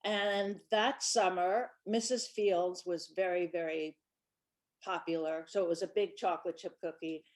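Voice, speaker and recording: A woman's voice: lowish voice, fairly even intonation, measured pace. Chatty woman in her sixties telling stories. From Brooklyn, New York. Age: 60s. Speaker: children's book author. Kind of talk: casual storytelling presentation.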